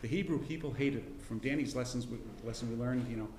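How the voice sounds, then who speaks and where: A man's voice: mid-range voice, fast, darkish tone, roomy sound, slight background noise. Folksy man teaching a Bible class. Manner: folksy, rambling, frequent restarts and throat clearing. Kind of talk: casual Bible lesson with personal story. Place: church classroom.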